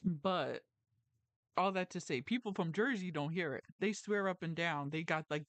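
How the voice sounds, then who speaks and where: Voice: medium pitch, a little slow, a bit bright, clear, resonant tone, dry recording. Mumbly, rambling livestream host, around thirty. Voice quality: round, mouthful, mumbled articulation. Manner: tangent-prone, self-correcting, frequent "like" and "you know". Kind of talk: casual rambling chat. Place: lives in New Jersey.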